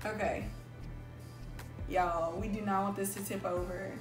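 A woman's voice: medium pitch, steady tone, measured pace. A woman hosting a casual mukbang vlog, chatting with the viewers and calling them y'all. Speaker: vlog host. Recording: echoey room with music.

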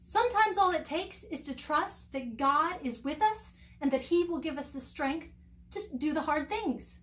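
Woman children's ministry teacher, Bible storytelling, high pitched, expressive. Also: moderate pace. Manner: warm, expressive storytelling with asked questions.

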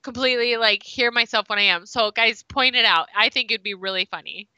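A woman's voice: on the high side, fairly quick, bright, forceful tone, clean tone, dry recording. A woman co-hosting a casual reaction video, chatting in a bubbly way with Valley Girl-like phrasing. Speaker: co-host of a reaction channel.

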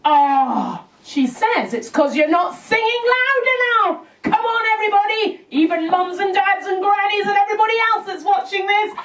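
A woman's voice: very high voice, normal speed, hardly any pauses, a bit bright. A woman hosting a children's puppet show, exclamatory and sing-song. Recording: roomy, from a distance.

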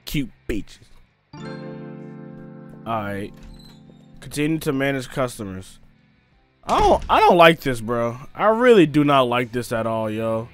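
A young man with an excitable, slangy manner, commentating a let's play of a game and yelping when he gets scared. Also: medium pitch, unhurried, long pauses, faint music behind. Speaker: gaming streamer.

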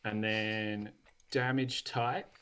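A man's voice: fairly low pitch, level tone, fairly bright tone, clear, resonant tone. A man running a tabletop game as game master, narrating casually with lots of fillers. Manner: casual, filler-heavy, quick bursts.

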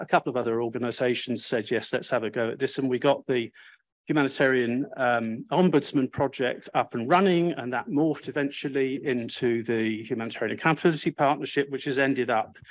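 An older man speaking on a panel, recounting history in a wry, self-deprecating and emphatic way. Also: medium pitch. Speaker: panel speaker, Sphere's first chair.

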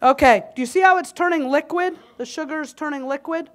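On a conference hall kitchen stage, a woman demonstrates a dish live, bantering and joking with onlookers. Her high voice is fairly bright and brisk, and she sounds a bit winded.

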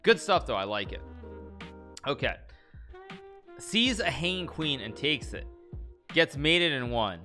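A man reacting to chess memes on a live stream, chatty and quick to laugh, often stopping and restarting his sentences. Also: a little high, sing-song, sharp tone, soft background music. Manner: chatty, self-interrupting, laughs often, reads lines aloud in a mock-romantic tone. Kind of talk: casual live-stream commentary.

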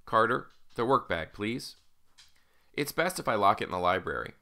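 A patient, formal older uncle, speaking in measured tones, as an audiobook reader puts him on. The voice sits low with a gravelly edge and a bright, forward tone. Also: male voice, lively intonation, heavily acted. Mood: firm. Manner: patient, formal, gently guarded. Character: calm, measured older male mentor, an uncle. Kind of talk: audiobook character voice.

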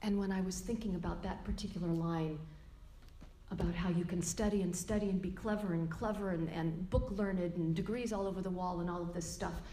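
A middle-aged woman giving a lecture as a yoga teacher, earnest and emphatic, drawing out key words slowly. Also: on the low side, steady tone, mellow. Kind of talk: spoken lecture quoting a teacher. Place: yoga studio room. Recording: echoey room.

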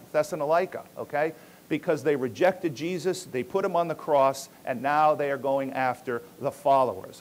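A male pastor preaching an emphatic teaching sermon in a church, often checking in with his listeners. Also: a little high. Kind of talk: expository sermon.

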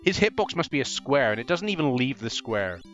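A man giving excitable first-impressions commentary while playing an old console game, swearing and yelping at enemies. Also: medium pitch, brisk, lo-fi sound. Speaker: gaming channel host. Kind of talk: let's play commentary.

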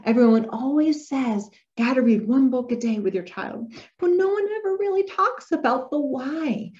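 A young adult woman speech therapist talks parents through reading strategies with a lively, swooping voice that climbs high above her usual range. She models books with an exaggerated sing-song delivery and frequent gasps. The recording sounds somewhat dull and lo-fi. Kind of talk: parent-education talk with animated read-aloud.

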